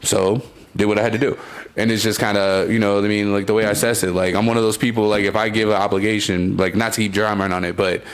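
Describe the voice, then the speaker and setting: A man's voice: fairly low pitch, little pitch movement, quick pace. Rambling man in his thirties. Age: 30s. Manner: rambling, lots of fillers. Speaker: podcast co-host. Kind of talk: casual chat.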